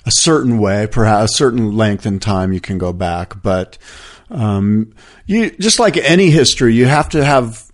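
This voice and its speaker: A man's voice: on the low side, animated, moderate pace. A man co-hosting a podcast in casual chat, meandering through his points and filling gaps with "you know". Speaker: podcast co-host.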